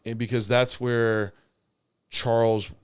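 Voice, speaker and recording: A man's voice: medium pitch, little pitch movement, takes it slowly, clear, resonant tone. A young man co-hosting a podcast, talking casually about his bodybuilding competition, rambling with many filler words and restarts.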